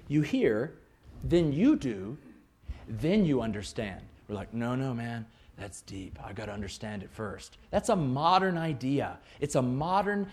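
A man, a music educator, giving a lively, joking conference presentation and acting out quoted voices. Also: medium pitch.

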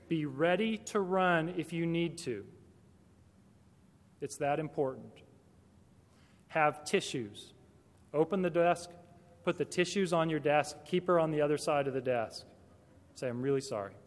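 A man speaking directly to teachers in a conversational talk, full of rhetorical questions. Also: a little high. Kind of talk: talk to Christian educators. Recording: long hall reverb.

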